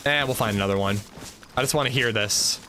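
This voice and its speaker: A man casually commenting on his survival shooter game during a livestream, chatting with viewers and reacting out loud. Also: medium pitch, a little fast, heavy background noise. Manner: chatty, reacts loudly, talks to chat. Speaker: streamer playing a survival shooter.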